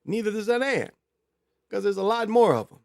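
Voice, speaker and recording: Gravelly guy rambling crude on his own show, dry close sound. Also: sits high, animated, a little fast, darkish tone, dry recording. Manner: rambling, crude, heavy use of fillers. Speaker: show host. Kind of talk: casual rambling monologue.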